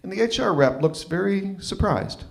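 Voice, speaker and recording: A man's voice: high voice, expressive, moderate pace, creaky. Man telling a story at open mic. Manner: conversational, self-deprecating, frequent restarts.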